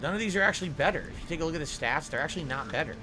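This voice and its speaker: A man with a fairly high, animated voice races through his live game stream as music plays behind. He debates his gear options aloud and thanks viewers for their tips.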